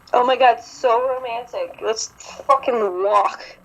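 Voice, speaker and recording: A woman's voice: fairly high pitch, takes it slowly, highs cut off. A young woman co-hosting a podcast, reading fan fiction aloud with a sarcastic, giggly, mock-dramatic delivery. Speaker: podcast co-host.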